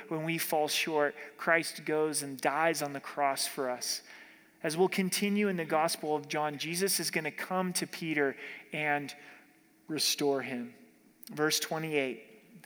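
Man preaching in a church hall, kinda high voice, chatty with everyday examples, long reverb. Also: a bit bright. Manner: conversational, acts out dialogue with everyday examples. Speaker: pastor. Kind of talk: expository sermon.

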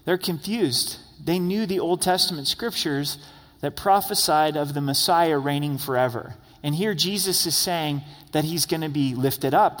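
Pastor, male, slightly high voice, earnest conversational preaching, long hall reverb. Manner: earnest, conversational, rising to emphatic questions. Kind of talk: expository sermon.

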